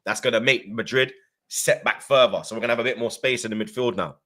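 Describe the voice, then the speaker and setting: A man, hosting a casual football chat in slangy, animated talk. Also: mid-range voice, fast talker. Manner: slangy, animated, swears freely. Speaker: host.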